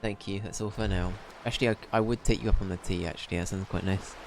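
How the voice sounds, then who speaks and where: Man, game streamer, casual commentary, rambling, swearing, gravelly. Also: on the low side, fairly even intonation, fast talker, background noise. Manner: rambling, swearing, talks to himself.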